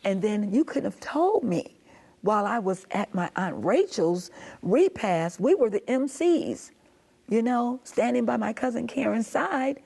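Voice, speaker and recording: Husky gravelly-voiced middle-aged woman. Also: fairly high pitch, big pitch swings, unhurried, darkish tone. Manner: storytelling, acting out quoted speech; impassioned, pleading. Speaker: guest. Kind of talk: emotional personal testimony.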